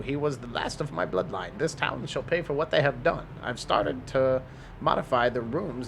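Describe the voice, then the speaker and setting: A man's voice: mid-range voice, gravelly, noisy background. A man reading aloud as a vengeful imprisoned elf from an old journal, in a rusty voice, during a tabletop game.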